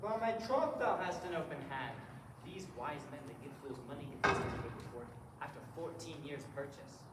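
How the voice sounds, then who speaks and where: A playful, mocking jester with a high, sing-song voice, played by a teenage boy on a school stage. The sound is distant and roomy, with a long hall echo. Audience noise hums behind it. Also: animated, normal speed, lightly acted. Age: late teens. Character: witty young male jester, mocking and playful. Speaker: student actor.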